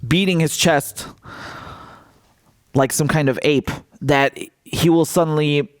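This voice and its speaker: A male political commentator in a casual vlog, talking in a mocking, animated way and laughing often. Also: on the high side, slow pace, clear, resonant tone, dry recording, studio quality.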